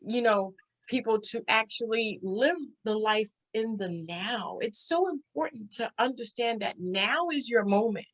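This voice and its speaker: Woman host chatting on her podcast, kinda high voice, lively and fast, laughs a lot. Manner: animated, talks fast, laughs often. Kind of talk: casual interview chat.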